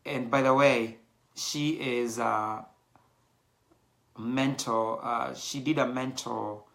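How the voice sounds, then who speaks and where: A man's voice: mid-range voice, gravelly, fairly bright tone. A middle-aged Kenyan man hosting his show, talking in a casual, rambling monologue with Swahili phrases mixed in. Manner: chatty, digressive, mixes in Swahili phrases. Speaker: show host.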